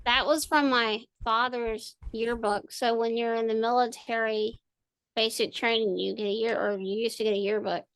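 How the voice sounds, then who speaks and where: A middle-aged woman with a high voice, talking in a casual podcast chat. She swears freely and rants with heavy emphasis. The recording is close and dry. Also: steady tone, normal speed, fairly bright tone, smooth, no echo. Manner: profane, ranting and emphatic. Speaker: podcast co-host.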